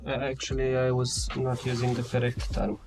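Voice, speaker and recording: A man's voice: mid-range voice, monotone, normal speed, background noise. A laid-back man chatting casually and hesitantly among friends. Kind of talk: casual chat. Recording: music playing behind.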